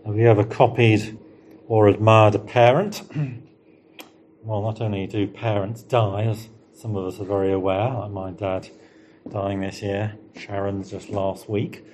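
A middle-aged man preaching a sermon, leaning on rhetorical questions and slowing down to stress key words. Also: fairly low pitch, steady tone, darkish tone, a little hiss or hum. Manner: rhetorical questions, emphatic rises and slowed stresses.

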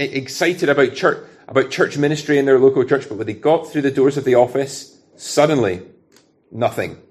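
Scottish preacher, talking through a Bible passage. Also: male voice, medium pitch, a little mellow. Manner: conversational, asks rhetorical questions. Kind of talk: expository sermon.

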